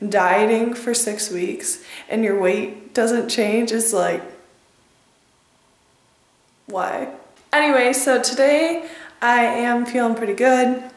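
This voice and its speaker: A woman in her twenties talks through her vlog in a relaxed, rambling way, her voice still groggy from the morning. She speaks slowly with a gravelly edge. The empty, unfurnished room throws her voice back with a strong echo. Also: mid-range voice. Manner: chatty, upbeat, rambling with fillers. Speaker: fitness vlogger. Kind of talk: casual vlog chat. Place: empty echoey room with bare floor.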